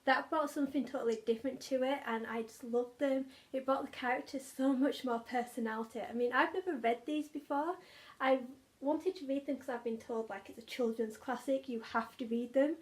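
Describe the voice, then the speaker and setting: A woman's voice: high voice, fairly quick. A young woman, chatting enthusiastically about favourite audiobooks, often repeating words for emphasis. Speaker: book vlogger. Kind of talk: casual chat.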